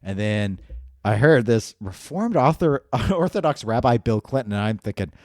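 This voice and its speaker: Male podcast co-host, joking and lively, dry close sound. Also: lowish voice, no room sound. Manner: jokey, laughs often, quick asides. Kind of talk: casual chat.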